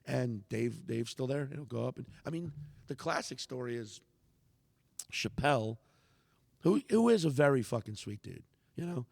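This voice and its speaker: Male comedian guest, gravelly voice, rambling profane storyteller, long reverb on the room. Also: medium pitch, normal speed, pauses often. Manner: profane, rambling, animated anecdote telling. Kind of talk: casual storytelling on a podcast.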